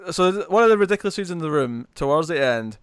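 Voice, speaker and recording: A man hosting a casual podcast chat, who talks in an animated way and laughs often. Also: on the high side, quick pace, smooth, no echo, studio quality. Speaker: podcast host.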